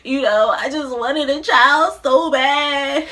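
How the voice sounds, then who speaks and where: A woman voicing a tearful, guilt-ridden mother who confesses to her son in a halting, sobbing way. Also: medium pitch, expressive, fairly bright tone, far from the mic.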